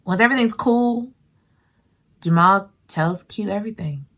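A woman recapping a book in a casual, expressive way, exclaiming and reacting emotionally as she talks. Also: medium pitch, a little slow. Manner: expressive and emotional, exclaiming and talking back to the story. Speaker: book reviewer.

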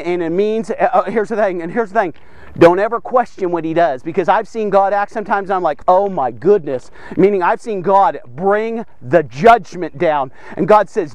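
Male devotional preacher, very high voice, fervent and emphatic, dry close sound. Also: dry recording. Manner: fervent, repeats phrases, addresses listeners as guys. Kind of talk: energetic devotional sermon.

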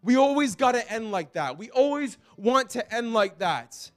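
A man preaches in church with a high, impassioned voice that climbs when he reads out scripture. The sound is close and dry. A faint instrument plays underneath. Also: expressive, normal speed, no echo, faint music behind. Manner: impassioned, rising high and loud when quoting the psalm. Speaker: pastor. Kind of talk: sermon.

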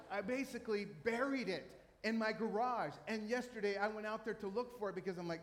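Animated pastor preaching in a hall. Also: male voice, high-pitched, brisk, hardly any pauses, a little hiss or hum. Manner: storytelling, animated, self-mocking humor. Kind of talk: sermon. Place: church stage in a large hall. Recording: long reverb of a hall.

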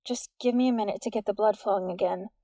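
A woman's voice: medium pitch, fairly even intonation, quick pace, warm tone, dry recording, studio quality, lightly acted. A woman reading the part of a stubborn, sarcastic teenage girl in an audiobook, with dismissive retorts. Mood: weak.

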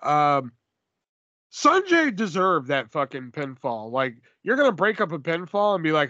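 A man co-hosting a podcast, chatting casually and profanely about wrestling, rambling and animated. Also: on the high side, moderate pace, no room sound, lo-fi sound. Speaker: podcast co-host. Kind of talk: casual wrestling review chat.

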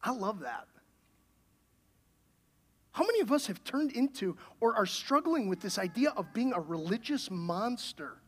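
A man's voice: sits high, very animated, a little slow, pauses often. Man preaching with emphatic questions. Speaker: pastor. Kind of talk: sermon.

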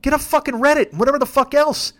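A man's voice: very high voice, fairly even intonation, fast talker, a bit bright. A man in his fifties hosting a podcast, ranting alone with heavy swearing. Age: 50s. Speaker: podcast host. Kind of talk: solo ranting monologue.

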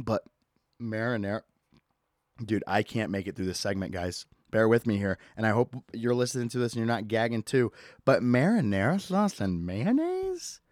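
A man's voice: medium pitch, dry recording. A young adult man hosting a solo comedy podcast, ranting with mock disgust and plenty of swearing into a close mic. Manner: animated, profane, mock-disgusted. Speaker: podcast host.

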